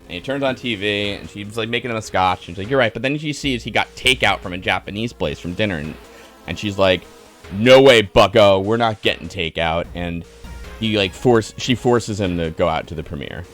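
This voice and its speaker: A man in his thirties with a lowish voice rants through a movie recap, sarcastic and exasperated, swearing freely. Soft music plays faintly behind him. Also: expressive, fairly quick. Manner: sarcastic, exasperated, swears often, many fillers. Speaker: streamer reviewing a movie. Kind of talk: casual rant.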